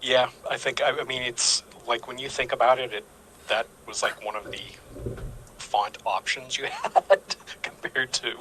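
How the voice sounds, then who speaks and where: A man on a casual panel chat, talking in a hesitant, halting way. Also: mid-range voice, steady tone, bright, forceful tone, a little hiss or hum, poor audio.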